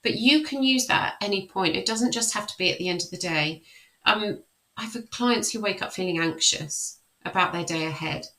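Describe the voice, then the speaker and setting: A woman life coach leading a guided tapping session. She speaks slow, repeated affirmations, then explains the method in a friendly way. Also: mid-range voice, a bit bright, rough recording.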